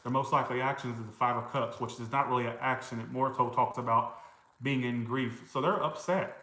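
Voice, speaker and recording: A man's voice: medium pitch, level tone, brisk, sharp tone, echoey room, poor audio. A man giving a casual tarot reading, chatting to viewers, reacting to comments, swearing and laughing now and then. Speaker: tarot reader.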